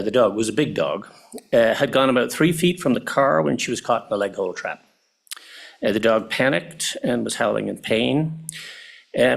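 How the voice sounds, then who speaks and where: Older Irish man, gravelly, plain-spoken public testimony with dry understatement. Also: medium pitch. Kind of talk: committee testimony.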